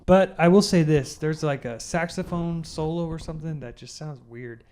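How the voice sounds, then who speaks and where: A man's voice: on the high side, moderate pace, darkish tone, a little hiss or hum. A young man co-hosting an album review show, blunt and wry, often restarting his sentences. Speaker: album review podcast co-host. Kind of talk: casual chat.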